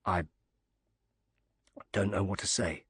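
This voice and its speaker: A man playing an emotional, grateful British father in an audiobook, speaking earnestly and softly. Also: deep voice, fairly even intonation, slow, slightly rough, no room sound, studio quality, exaggerated voice. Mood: moved. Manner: earnest, soft-spoken, moved.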